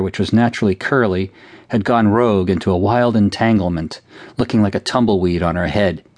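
A man's voice: low voice, dry recording. A man, the author himself, narrating a childhood memory as an audiobook with dry, wry storytelling. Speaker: author narrating his own book.

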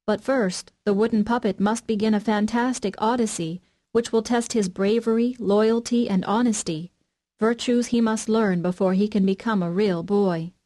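A woman's voice: medium pitch, fairly even intonation, moderate pace, warm tone. Woman narrating a classic children's book. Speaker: audiobook narrator. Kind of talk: scripted storybook narration.

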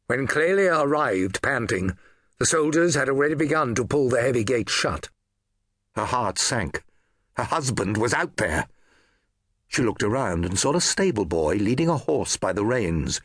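A man narrating a historical novel audiobook in an expressive storytelling manner. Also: medium pitch, moderate pace, breathy edge, no room sound, clean studio sound.

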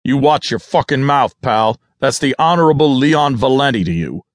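A man's voice: medium pitch, lively intonation, normal speed, dry recording, studio quality, voice pushed up, natural voice. An actor narrating an audiobook and voicing a hostile male bodyguard with a blunt, aggressive manner. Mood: threatening.

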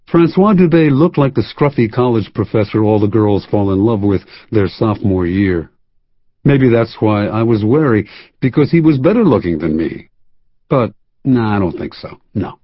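A man reads a first-person thriller in a measured, wry storytelling voice. His tone is husky and a little low. The recording is dry and close, with a slightly dull, muffled top end. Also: expressive, dry recording. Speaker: audiobook narrator. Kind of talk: first-person scripted narration.

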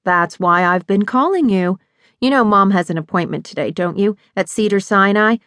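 A brisk, cheerful suburban mom, as a woman narrator puts her on in an audiobook, rattling off chores without pausing. Her voice sits at an ordinary middle pitch. It is recorded dry and close. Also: fairly bright tone, dry recording, lightly acted. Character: busy capable suburban mom, brisk sister.

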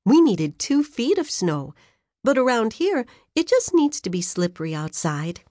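A woman doing a calm, kindly schoolteacher. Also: fairly high pitch, unhurried, no echo, studio quality. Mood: explaining.

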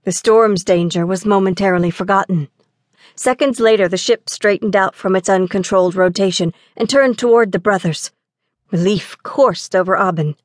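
A woman narrating a children's adventure audiobook in a clear, measured storytelling manner. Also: mid-range voice, no room sound, clean studio sound.

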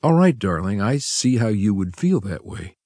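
Man doing a husband, low baritone, firm, quiet, reassuring, dry sound. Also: very animated, normal speed, breathy edge, no echo.

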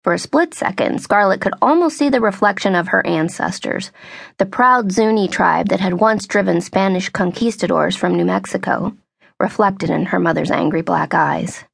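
A woman narrating a young adult novel in a steady, measured storytelling voice. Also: mid-range voice, vocal fry, husky, no echo, clean studio sound. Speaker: audiobook narrator. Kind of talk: scripted narration.

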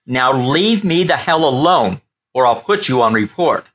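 Man doing a gruff, blustering starship captain. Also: medium pitch, expressive, measured pace, fairly bright tone. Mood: irritable. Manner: curt and blustering, then flustered.

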